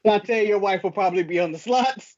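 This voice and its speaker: Man, teasing podcast co-host, high voice, muffled call sound. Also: fast, a little mellow. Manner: joking, teasing. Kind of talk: casual wrestling chat.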